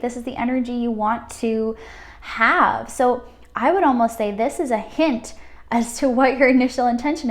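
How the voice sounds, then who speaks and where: Gentle, affirming woman tarot reader. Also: a little high. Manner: gentle, affirming, emotional, with frequent fillers. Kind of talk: pick-a-card spiritual reading.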